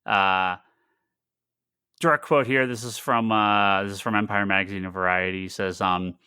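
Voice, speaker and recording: Podcast co-host, male, low and forceful, rambles excitedly, dry close sound. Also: moderate pace, smooth, dry recording. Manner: rambling, restarts sentences, excitable. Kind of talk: casual chat.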